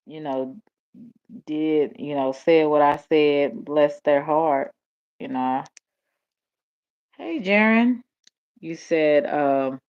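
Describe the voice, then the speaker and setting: Southern woman livestreamer, drowsy, slow and low, dull lo-fi audio. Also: smooth. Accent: Southern US, Dallas. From Tennessee. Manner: drowsy, drawling, laughs often. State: sleepy. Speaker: livestream host. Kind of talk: late-night casual chat reading comments.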